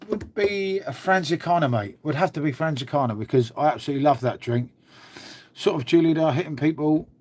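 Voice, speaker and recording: A man's voice: on the high side, darkish tone. A man, hosting a live stream in a casual chat, chatty and matey, swearing freely and answering viewers. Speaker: beer channel host.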